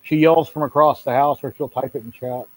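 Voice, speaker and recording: A man's voice: medium pitch, steady tone, brisk. A middle-aged man hosting a casual video call hangout, talking in a rambling, folksy way and often saying "yeah, yeah". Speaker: host.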